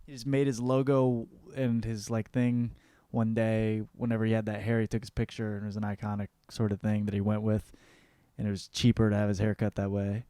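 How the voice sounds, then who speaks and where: A man hosting his own comedy podcast, talking in a profane, rambling monologue that swings between mumbled asides and loud rants. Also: fairly low pitch, vocal fry, dry recording.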